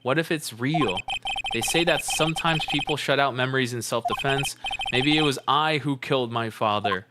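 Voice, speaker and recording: A man's voice: mid-range voice, moderate pace, heavy background noise, natural voice. A man voicing a troubled male prosecutor in a brooding, haunted inner monologue. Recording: loud game music behind.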